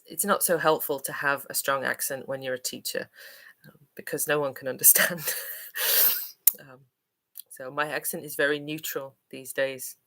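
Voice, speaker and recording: A woman's voice: low voice, pushed and bright. A woman from Manchester, an English teacher, chatting on a livestream Q&A in a hesitant, friendly way with lots of ums and uhs. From Manchester, England.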